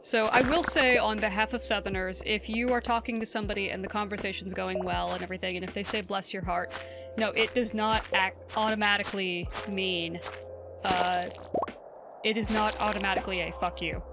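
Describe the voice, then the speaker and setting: Woman, Southern US accent, chatty streamer, mid-pitched voice, game music behind. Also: fairly even intonation, fairly quick. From Southern United States. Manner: chatty, laughs often, reads chat aloud. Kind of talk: casual live-stream chat.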